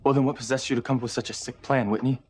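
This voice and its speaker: A man's voice: medium pitch, steady tone, very fast, husky, close to an everyday voice. An actor playing a betrayed young man who demands answers, in sarcastic, insistent soap opera dialogue. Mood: angry. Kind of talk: daytime soap acting.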